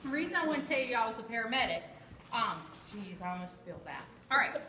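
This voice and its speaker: A woman's voice: fairly high pitch, lively intonation, fast, bright, forceful tone. A woman giving a chatty, joking live cooking demonstration and quizzing her audience. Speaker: kitchen product demonstrator. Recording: echoey room with background noise.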